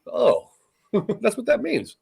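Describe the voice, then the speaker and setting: A man's voice: extremely high pitch, wildly swooping pitch, takes it slowly, gravelly, a little mellow, breathy edge. A man from California's Central Valley hosts a casual livestream chat. He rambles, swears freely and often restarts his sentences. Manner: rambling, profane, many restarts. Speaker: show host.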